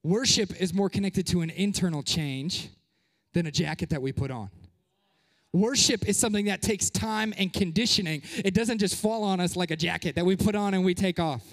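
A young man preaching a sermon as pastor, lively and joking, slipping into playful voices and short of breath. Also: high voice, moderate pace, big-room sound. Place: church sanctuary.

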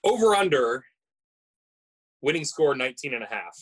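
A man's voice: medium pitch, very animated, normal speed, rough recording. A man co-hosting a podcast in casual chat, playful and teasing, often stammering over restarts. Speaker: podcast co-host.

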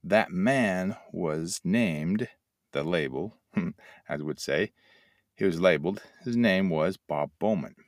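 Older guy, real low voice, slow folksy storytelling, dry close sound. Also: dry recording. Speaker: host and addiction mentor trainer. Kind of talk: motivational talk to camera.

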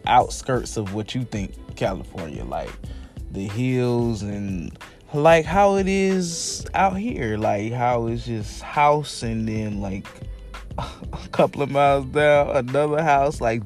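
A man hosting a casual solo podcast, talking loosely in slang with animated swings and cursing. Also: lowish voice. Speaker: podcast host.

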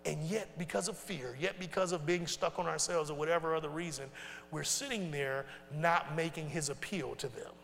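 A male pastor preaching a sermon in casual, folksy speech, asking the congregation questions and swinging from loud to hushed. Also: on the high side, fairly even intonation, moderate pace, creaky, a little hiss or hum. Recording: long reverb in a large hall.

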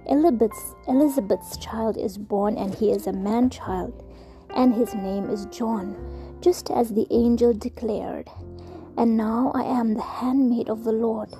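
Gentle, dignified young woman voiced by a woman in a whispered role-play, her words soft and earnest. The voice sits a little high but slow and unhurried, with a very dark, mellow tone, and faint music behind.

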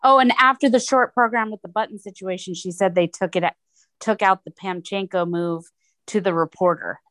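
A woman's voice: mid-range voice, steady tone, moderate pace, a bit bright. A woman with a mid-range voice co-hosts a podcast. She talks casually and chimes in with short agreeing comments and small details, speaking at an easy pace. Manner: adds brief agreeing remarks and details. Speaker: podcast co-host. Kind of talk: casual chat.

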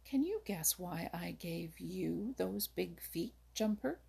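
A kindly but firm old Mother Nature lectures the forest animals like a patient teacher, voiced by a woman reading a storybook. The voice is deeply husky and gravelly. She speaks slowly and lets her questions hang. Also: lively intonation, heavily acted. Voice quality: husky, creaky. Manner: patient, teacherly, now and then sharp.

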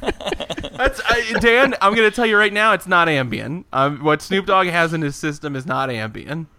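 A man's voice: on the high side, sing-song, moderate pace, pushed and bright. A man co-hosting a comedy podcast, rambling and joking through his points. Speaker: podcast co-host. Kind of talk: casual comedic chat.

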